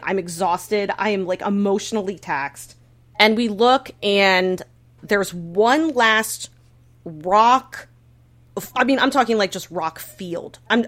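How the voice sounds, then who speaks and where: Young woman podcast host, animated storyteller, squeals and fillers. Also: mid-range voice, unhurried. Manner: animated storyteller, acts out her own panic with squeals; frequent filler words, restarts. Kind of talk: casual chat.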